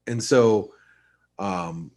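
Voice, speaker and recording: A man's voice: lowish voice, extremely slow, darkish tone. A man giving casual, rambling market commentary on a webinar, with many restarts and fillers. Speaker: market analyst co-host.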